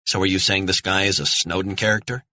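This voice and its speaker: A man's voice: low voice, steady tone, fast talker, sharp tone, slight background noise. A man voicing a busy, skeptical woman who works for a senator, speaking curtly and doubtfully. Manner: curt and doubtful.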